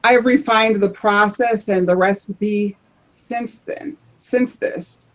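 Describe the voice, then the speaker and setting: A woman's voice: medium pitch, steady tone, slow pace, muffled recording. A woman on a live panel show casually showing her crafts, chatty, often restarting her phrases as she explains.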